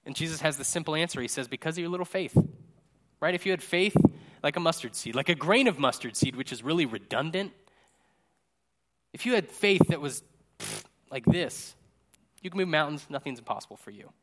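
Chatty joking male pastor, slightly high. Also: expressive, fast talker, a bit bright. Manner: chatty and jokey, tags lines with "right?". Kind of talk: casual conversational sermon. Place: church service. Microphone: microphone.

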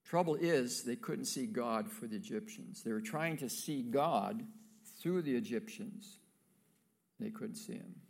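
A man's voice: mid-range voice, expressive, a little slow, gravelly. A male pastor preaching a sermon, reading scripture aloud and breaking off for casual asides to the congregation.

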